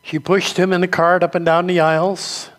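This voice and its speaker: A man with a high, light voice preaching in a church. He tells his stories with feeling and takes on the voices of the people in them. His words ring out with a long echo through the hall. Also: little pitch movement, normal speed. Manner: storytelling preacher, acts out quoted voices. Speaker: pastor. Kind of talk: sermon.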